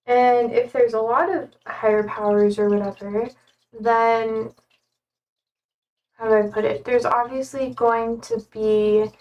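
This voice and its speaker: A woman's voice: fairly high pitch, distant mic, lo-fi sound. A young woman streamer chatting casually in a rambling way with many fillers. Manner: rambling, many fillers, talking to her cats. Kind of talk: casual chat.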